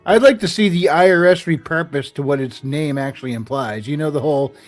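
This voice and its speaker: A man's voice: on the high side, fairly quick, over music. Dry-spoken man from New England. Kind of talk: casual podcast chat.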